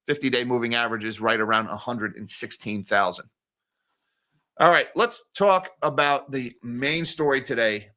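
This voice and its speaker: Bright-voiced, sarcastic market-news host. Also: male voice, mid-range voice, normal speed. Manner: sarcastic, animated, jokey asides. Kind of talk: casual daily market commentary.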